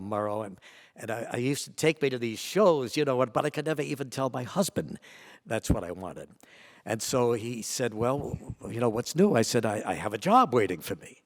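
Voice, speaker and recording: Older man telling a lively tale, hall reverb. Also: vocal fry. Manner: animated, acts out quoted voices with big jumps in pitch and loudness. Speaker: guest storyteller. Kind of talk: anecdotal storytelling to a live audience. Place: large auditorium. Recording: long reverb of a large hall.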